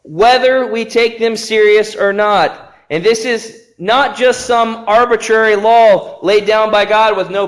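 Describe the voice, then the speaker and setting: A man preaching an earnest, emphatic sermon in a church. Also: sits high.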